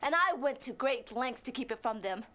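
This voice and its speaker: Eddie Ching, icy crime boss. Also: female voice, sits high, expressive, moderate pace, a bit bright. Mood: furious. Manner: imperious, clipped threats. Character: cold ruthless female crime boss. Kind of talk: full-motion video game acting.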